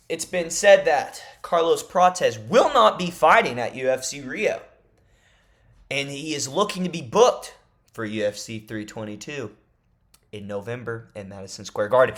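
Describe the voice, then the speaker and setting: A man's voice: mid-range voice, expressive, a little slow, fairly bright tone. Rambling, mock-serious male fight fan. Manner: jokingly insists his made-up leaks are real. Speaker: MMA YouTuber. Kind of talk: casual fight-prediction vlog.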